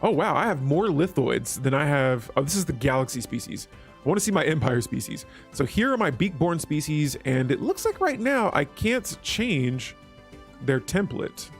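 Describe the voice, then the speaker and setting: A man's voice: fairly high pitch, big pitch swings, normal speed, faint music behind. A man hosting a strategy game let's play, chatting casually with his viewers as he clicks through menus. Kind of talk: gameplay commentary.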